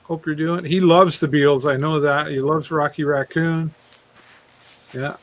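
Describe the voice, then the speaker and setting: A man's voice: fairly high pitch, fairly even intonation, unhurried, poor audio. A man hosting a live music show, chatting and joking with his co-host and greeting viewers by name. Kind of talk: casual live show chat.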